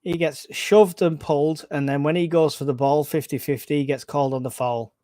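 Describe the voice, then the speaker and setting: Excitable male fan commentator, close and dry. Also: fairly high pitch, brisk, no echo. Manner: excitable, casual, groans and swears at play. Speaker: fan channel match commentator. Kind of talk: live fan match commentary.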